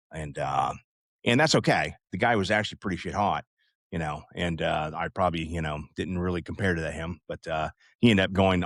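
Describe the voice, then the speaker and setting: Deep-voiced man telling an old story. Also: a bit bright, dry recording, studio quality. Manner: rambling, many fillers and asides. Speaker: podcast host. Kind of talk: casual storytelling.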